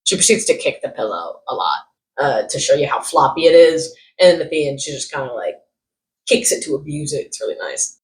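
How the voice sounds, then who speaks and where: A young woman vlogging comedic product reviews, sarcastic and animated, jumping from loud outbursts to muttered asides. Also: deep voice, brisk, slight background noise, poor audio. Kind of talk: casual comedic commentary.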